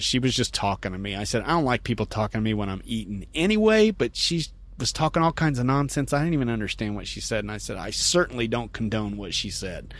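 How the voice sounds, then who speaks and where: A man hosting a podcast, telling a story in a casual, animated way and laughing as he quotes people. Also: lowish voice, no room sound. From United States. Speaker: podcast host.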